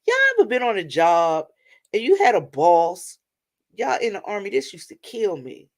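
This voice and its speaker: Brief: middle-aged woman vlogger, gravelly, rambling chatty delivery. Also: medium pitch, sing-song, normal speed, a little mellow. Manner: chatty, rambling, addresses viewers as y'all. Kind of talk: casual storytelling vent to viewers.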